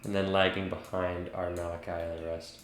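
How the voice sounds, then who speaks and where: A man's voice: sits low, flat delivery, fairly quick. A man running a tabletop game as game master, narrating casually with fillers and asides. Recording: echoey room with faint noise.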